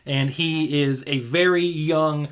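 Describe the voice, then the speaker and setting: A man's voice: fairly high pitch, steady tone, slow pace. A man from Georgia co-hosting a casual podcast, animatedly retelling a movie plot with jokes. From Georgia, USA. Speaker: podcast co-host. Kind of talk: casual chat.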